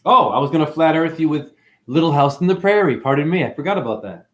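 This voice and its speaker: A man hosting an online show, rambling through playful wordplay in a sing-song way, with sudden high whoops and drawling asides. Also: quick pace, fairly bright tone. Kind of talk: rambling livestream monologue.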